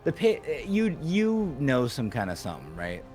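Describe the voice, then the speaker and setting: A man's voice: mid-range voice, wildly swooping pitch, normal speed, darkish tone, faint music behind. A man streaming a video game, casually joking, swearing and riffing on tangents with his co-host. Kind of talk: casual let's-play banter.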